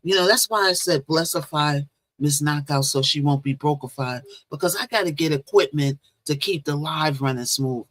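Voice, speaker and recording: Chatting casually on her own livestream, a woman tells a long, wandering dream story and says hello to viewers as they arrive. She has a deep, slightly bright voice at a moderate pace, recorded through a phone or laptop with Bluetooth.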